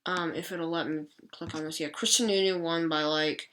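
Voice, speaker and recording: Rambling woman with a bright voice. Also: deep voice, steady tone, normal speed, slight background noise. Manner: rambling, self-correcting, apologetic asides. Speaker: election prediction channel host. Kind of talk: casual screen-recorded commentary.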